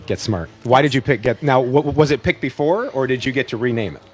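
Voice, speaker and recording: A man's voice: mid-range voice, fairly quick. A man in his thirties co-hosting a church pre-show, chatting casually with a teasing, joking manner and an easy laugh. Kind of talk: casual chat.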